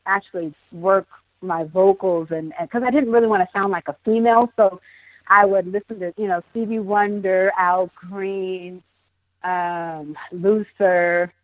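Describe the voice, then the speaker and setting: A woman's voice: mid-range voice, fairly even intonation, no echo. Bubbly woman on a dull call line. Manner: laughs often, bubbly, talks in quick bursts. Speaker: singer guest. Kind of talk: casual interview chat.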